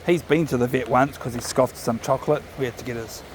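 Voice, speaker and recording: Strolling a riverside trail with his dog, this New Zealand-accented man talks casually to camera, vlog-style. He speaks quickly in a mid-range voice with fairly even intonation, wandering off on tangents and fixing his words mid-sentence, over a slight background hiss or hum.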